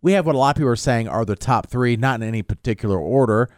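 A man's voice: medium pitch, very fast, a little mellow, no room sound, clean studio sound. A man hosting a radio show, chatting casually and leading the talk with his co-hosts. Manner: chatty, leads the conversation.

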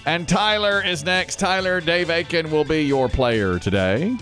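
A man hosting a morning radio show, upbeat and reading trivia quickly. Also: a little high, a bit bright, soft background music.

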